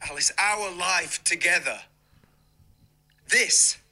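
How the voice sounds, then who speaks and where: An actor playing a tense young husband who pleads with his wife in a strained, shouting voice, with a put-on American accent, heard as film trailer audio played from afar. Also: high-pitched, slow, exaggerated voice. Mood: pleading, urgent. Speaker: film character.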